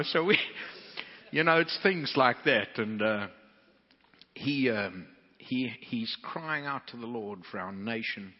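A man preaching to a crowd of preachers, telling a folksy, animated story full of restarts. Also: mid-range voice, takes it slowly, in a large hall, dull audio.

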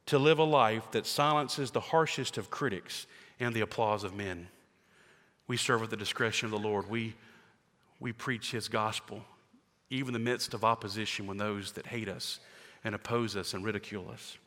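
A man preaching a sermon, animated, swinging from loud to hushed and acting out the scenes he tells. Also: medium pitch. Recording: reverberant hall.

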